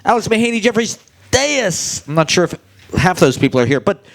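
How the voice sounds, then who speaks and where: A man emcees a comedy open mic, rattling off the names of upcoming acts. His voice sits high for a man. He keeps the announcements brisk. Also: big pitch swings, creaky. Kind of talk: emceeing, introducing comics.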